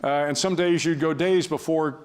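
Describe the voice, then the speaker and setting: A man's voice: a little high, steady tone, moderate pace. An older man speaking as a guest before an audience, telling a story in a wry, self-deprecating way with frequent restarts.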